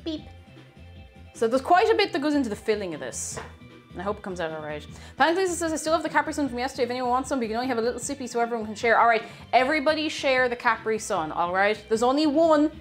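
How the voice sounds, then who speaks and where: Young woman from Ireland, streamer. Chatty and giggly, voice slightly high, light music in the background. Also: expressive, racing. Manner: chatty, giggly, reads chat aloud. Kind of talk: casual live-stream chat while baking.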